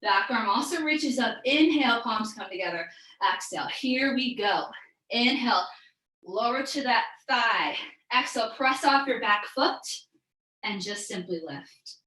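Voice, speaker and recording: A woman's voice: a little high, animated, unhurried, pushed and bright, echoey room, rough recording. Upbeat woman calling yoga poses. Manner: upbeat, encouraging, calls out breaths and poses. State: a bit out of breath. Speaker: yoga instructor. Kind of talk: live online yoga class cues.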